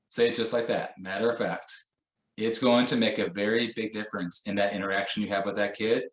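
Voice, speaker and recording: Low-voiced man teaching in an echoey room. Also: fairly even intonation, normal speed, pauses often, fairly bright tone. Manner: conversational, uses examples and acted-out quotes. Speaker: teacher trainer. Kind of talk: professional development lesson.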